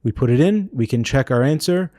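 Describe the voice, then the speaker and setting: A man's voice: mid-range voice, lively intonation, a little fast, dark tone, no echo, studio quality. A man patiently walking through a language-learning website, explaining each exercise as he clicks. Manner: patient, explanatory, thinking aloud while clicking. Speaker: language course creator. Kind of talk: screen-recorded website walkthrough.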